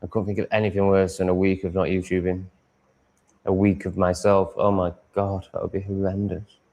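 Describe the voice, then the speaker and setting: A man's voice: sits low, flat delivery, a little fast, darkish tone. A man live streaming from home, chatting and answering comments in a rambling, profane way with stumbling restarts and chuckles. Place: at home with cats on his lap.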